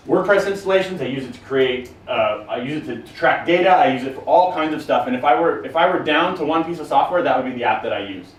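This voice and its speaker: A man speaking casually to a live audience and taking their questions, blunt and profane with a joking tone. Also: fairly high pitch. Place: conference room with an audience. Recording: roomy, from a distance, faint noise.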